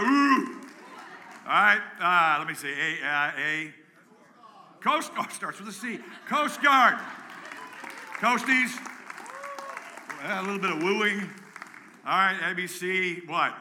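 A man preaching a live sermon to his congregation, energetic and joking, rallying the room with calls and shouts. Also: on the high side, slight background noise. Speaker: pastor. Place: church sanctuary with a congregation.

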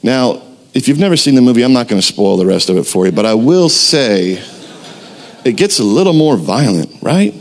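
A young man preaching a sermon as pastor, telling a story with lively acted-out quotes. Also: medium pitch, moderate pace. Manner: animated storytelling, acts out quotes.

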